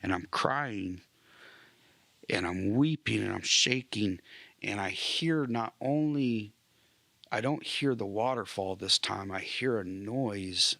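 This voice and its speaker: A man, a military veteran, telling an emotional personal testimony, often dropping to a hushed near-whisper and clearing his throat. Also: lowish voice, no room sound.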